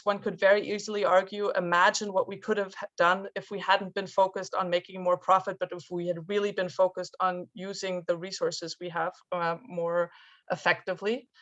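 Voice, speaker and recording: Woman, panel speaker, thoughtful, halting restarts, lo-fi call audio. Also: mid-range voice, fairly bright tone. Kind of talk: panel discussion.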